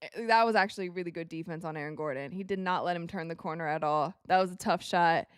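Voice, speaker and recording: A young woman hosting a live basketball watch party, calling plays excitedly and talking to her viewers. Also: fairly low pitch, quick pace, clear, resonant tone, no room sound, clean studio sound. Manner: excitable, reacts loudly to plays, talks to viewers as you guys. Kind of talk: live game commentary to chat.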